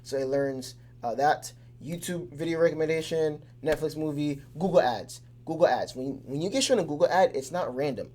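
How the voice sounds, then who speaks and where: Brief: a man as a relaxed lesson host, loose delivery with plenty of fillers, keeps it simple. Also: a little high, normal speed, hardly any pauses. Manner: loose and conversational, with many fillers and restarts; keeps things simple with everyday examples. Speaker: teacher. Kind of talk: casual explainer lesson.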